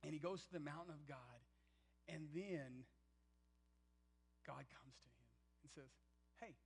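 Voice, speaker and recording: Emphatic preacher with a higher voice. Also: male voice, a little slow, creaky, slightly rough, poor audio. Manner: emphatic, swings from loud to near-whispered, acts out quotes. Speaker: pastor. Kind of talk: sermon.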